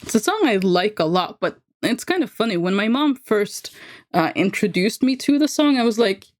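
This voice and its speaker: A woman's voice: mid-range voice, expressive, normal speed. A young woman livestreaming, chatting casually and self-deprecatingly while she draws, laughing often. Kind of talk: casual chat while drawing.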